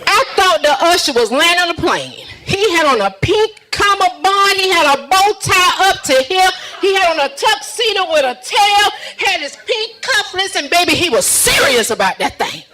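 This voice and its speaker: A woman doing a stand-up routine, sassy and teasing the crowd with drawn-out punchlines. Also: very high-pitched, sing-song, pushed and bright, slight background noise, low-quality recording. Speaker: stand-up comedian.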